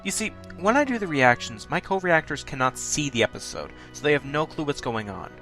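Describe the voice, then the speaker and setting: A man reads his own countdown commentary in a fast, blunt, self-critical way, sometimes tripping over his words. His voice is bright and fairly high for a man, and it swings widely in pitch. Faint music plays behind him. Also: sing-song. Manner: talks fast, stutters at points. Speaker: YouTube countdown host.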